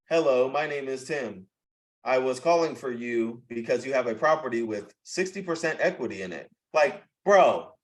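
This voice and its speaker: On a roughly recorded live video call, a young man with a slightly high voice gives casual coaching talk. He's blunt, chatty and profane, repeatedly dropping "bro" and "okay."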